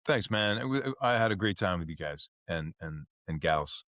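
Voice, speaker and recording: A man's voice: low-pitched, normal speed, dry recording, studio quality. Enthusiastic male podcast host. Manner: energetic, enthusiastic, repeats words. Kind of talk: casual interview.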